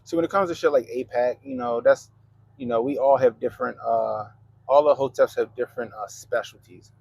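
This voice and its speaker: Baltimore guy on his stream, raspy low-key voice, kinda gravelly, cussing and chatting with comments. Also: a little fast, a little mellow, dry recording, dull audio. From Baltimore, Maryland. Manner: loose, profane, laid-back banter. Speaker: livestream host. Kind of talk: casual livestream chat reading comments.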